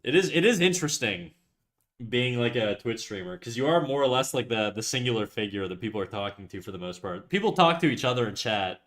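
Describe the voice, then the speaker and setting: A man's voice: mid-range voice, animated, brisk, a bit bright. Young Canadian male streamer with a Canadian accent, casual and profane, talking to chat while drawing. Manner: loose, joking, swears often. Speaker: live-streaming artist.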